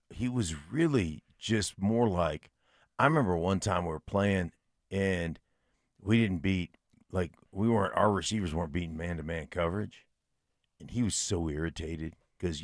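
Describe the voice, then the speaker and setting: A middle-aged former player on a sports talk show, his voice very low. He tells stories in a relaxed, teasing way, recorded close and dry in the studio. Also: normal speed, no echo. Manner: laid-back, storytelling, dry teasing. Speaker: radio co-host, former player. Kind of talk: morning sports talk radio. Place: radio studio.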